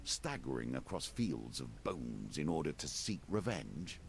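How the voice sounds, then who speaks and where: A gravelly, ominous card dealer. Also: male voice, big pitch swings, unhurried, slight background noise, exaggerated voice. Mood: menacing. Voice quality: deep and gravelly. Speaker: game narrator, the dealer. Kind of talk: scripted game narration. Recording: game audio under music.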